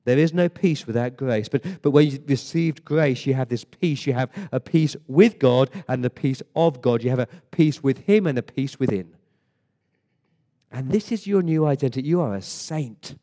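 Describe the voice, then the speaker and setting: A man's voice: mid-range voice, moderate pace, mellow, big-room sound. English man preaching emphatically. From England. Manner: emphatic, rhetorical questions, frequent word repeats. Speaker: pastor. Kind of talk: sermon. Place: church service.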